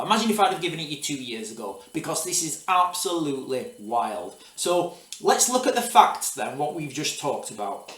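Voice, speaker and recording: A man's voice: a little high, fairly bright tone, far from the mic. A man hosting his own video channel, giving rambling casual commentary with many restarts and repeated asides to his viewers. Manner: rambling, restarts, repeats "guys, all right". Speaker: video host. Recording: echoey room, off-mic.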